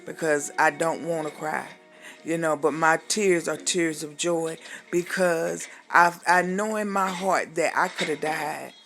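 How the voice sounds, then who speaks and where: A woman's voice: low-pitched, steady tone, a little slow, a bit bright, faint music behind. Woman, minister, emotional testimony, fervent, preachy, fighting tears, says honey. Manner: calls the listener "honey", exclaims hallelujah.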